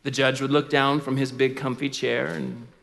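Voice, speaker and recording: A man's voice: mid-range voice, flat delivery, normal speed, gravelly, fairly bright tone. A man preaching a sermon, telling a story dramatically and with animation. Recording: long reverb of a large hall.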